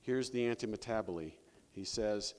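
A man preaching a sermon as pastor, animated, breaking scripture readings with joking asides. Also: lowish voice, normal speed, slight background noise. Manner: animated, jokey asides, reads scripture with rising emphasis. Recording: long reverb of a hall.

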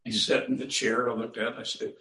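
A pastor and counselor preaches in a church sanctuary, telling folksy stories and chuckling at his own anecdotes. His medium-pitched voice is sharp in tone, delivered flatly and briskly, and the recording is roomy and taken from a distance.

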